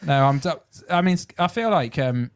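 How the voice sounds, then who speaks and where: Man in his 30s, slightly high voice, jokey host, laughs a lot, casual chat. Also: animated, moderate pace. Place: studio set up as a pub.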